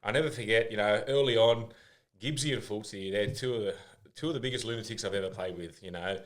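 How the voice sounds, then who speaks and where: A man's voice: lowish voice, fast. Australian man rambling through stories. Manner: rambling storyteller, lots of fillers and restarts. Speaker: podcast guest. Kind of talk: casual interview chat.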